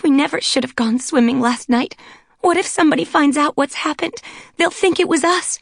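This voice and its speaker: A woman's voice: a little high, fairly even intonation, measured pace, a little mellow, breathy edge, no echo, clean studio sound, voice pushed up. A woman narrator voicing a frightened young blonde woman who pleads in a panicky, tearful way. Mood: panicked.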